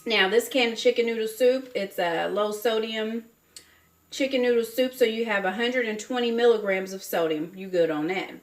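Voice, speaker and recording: A woman's voice: on the high side, normal speed. Chatty Southern woman cooking in a roomy kitchen. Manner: chatty, folksy, calls viewers honey and baby. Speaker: cooking vlogger. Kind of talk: casual cooking chat to camera. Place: home kitchen. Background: faint clatter of dishes and cutlery.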